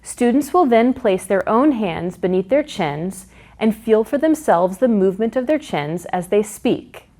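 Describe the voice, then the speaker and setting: A woman narrating a phonics lesson for teachers in a slow, clear way, sounding out words syllable by syllable. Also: mid-range voice, animated, mellow. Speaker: teacher trainer. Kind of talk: instructional narration.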